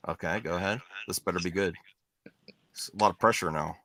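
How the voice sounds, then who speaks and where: A man's voice: deep voice, brisk, bright, forceful tone, no room sound. A man hosting a casual group livestream chat, joking and talking over the others. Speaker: stream host.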